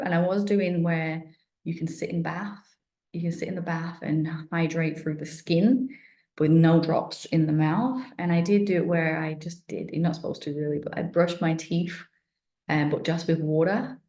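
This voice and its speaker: A middle-aged woman chats through a personal account in a low, relaxed voice. She rambles and restarts, and her mouth sounds dry. The room is echoey around her. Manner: chatty, rambling, many fillers and restarts. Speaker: wellness vlogger.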